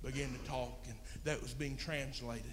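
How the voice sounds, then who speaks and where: A man's voice: medium pitch, fairly even intonation, normal speed, background noise. A man preaching a sermon, telling a story in a folksy, plain-spoken way. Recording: long reverb in a hall.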